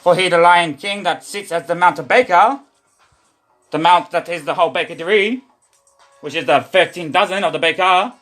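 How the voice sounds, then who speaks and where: A man's voice: sits high, moderate pace, fairly bright tone, soft background music. A man streaming a rambling, repetitive religious monologue, preachy and full of profanity.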